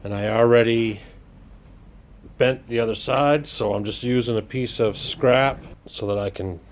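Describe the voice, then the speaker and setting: This workshop DIY host speaks at a medium pitch and a little slowly, with slight background noise in his home workshop. His casual vlog commentary is playful and full of jokes and exclamations as he works, sometimes in a fake Irish lilt.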